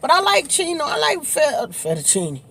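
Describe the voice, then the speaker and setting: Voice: high voice, wildly swooping pitch, a little slow, bright, forceful tone, a little hiss or hum. A vlogger, chatting casually while eating on camera, laughing often and talking in loose, informal slang. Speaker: mukbang vlogger.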